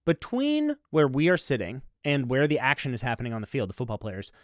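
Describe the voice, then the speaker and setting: A man hosting a comedy podcast, telling a rambling story with deadpan, mock-serious asides. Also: mid-range voice, fairly quick, no room sound, studio quality. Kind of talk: comic storytelling.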